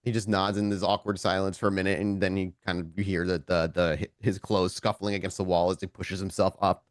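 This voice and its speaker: A man's voice: sits low, a little fast, dry recording. Man narrating as game master, dry sound. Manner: relaxed, rambling narration.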